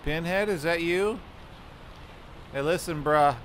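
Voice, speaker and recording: Guy streaming a scary game, kinda high voice, swears a lot, noisy background. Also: takes it slowly, a bit bright. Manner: crude joking, reads game notes aloud, yelps when startled. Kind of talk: live gameplay commentary. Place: home streaming setup.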